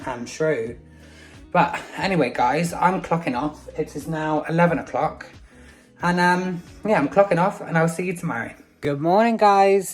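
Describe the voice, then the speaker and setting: A man vlogging casually from home, chatty, with many fillers and free swearing. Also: mid-range voice. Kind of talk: casual vlog chat.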